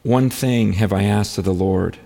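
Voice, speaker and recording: A man's voice: on the low side, creaky, warm tone. Earnest preacher man in a reverberant hall. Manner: earnest, halting restarts, builds to fervent pleading prayer. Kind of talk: sermon. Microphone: handheld or stand mic on stage.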